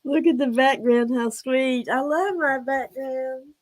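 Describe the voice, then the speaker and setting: Hoarse giggly woman host. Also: sits high, slow. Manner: giggly, scattered, chatty. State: hoarse from laughing. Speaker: livestream host. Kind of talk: casual live-stream chat. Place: room at home.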